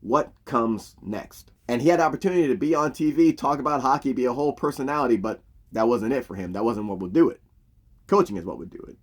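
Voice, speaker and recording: A man casually recapping a TV series, telling it in an animated, profane storytelling way. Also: fairly low pitch. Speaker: show reviewer.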